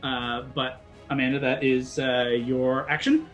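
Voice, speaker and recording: Male game master, dramatic narration mixed with rules calls, soft music bed. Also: mid-range voice, little pitch movement, dull audio. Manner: slow dramatic narration broken by rules talk. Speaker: dungeon master.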